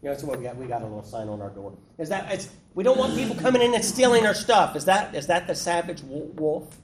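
A man with a somewhat high voice leads a Bible study group casually and conversationally, constantly putting questions to them. He talks quickly with big swings in pitch, and the echoey room carries a faint hiss beneath him.

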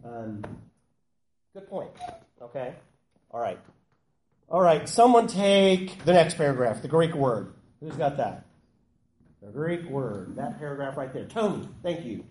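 A man's voice: medium pitch, unhurried, pauses often. A man leading a group Bible study, asking questions and calling on people to read. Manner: animated, calls on people, asks the group questions. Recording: echoey room with some background noise.

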